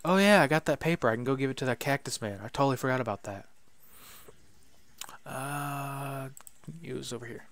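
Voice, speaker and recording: A man's voice: mid-range voice, fairly quick, long pauses, a bit bright. A man casually commenting on a video game as he plays, joking and muttering to himself. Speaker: gaming YouTuber. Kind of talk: let's play commentary.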